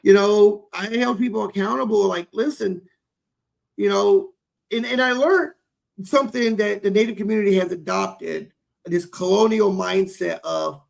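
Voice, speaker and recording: A man in his forties co-hosting a podcast, talking earnestly and warmly about fatherhood, often repeating words as he gathers himself. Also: high voice, normal speed, vocal fry. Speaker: podcast co-host. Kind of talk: heartfelt casual conversation.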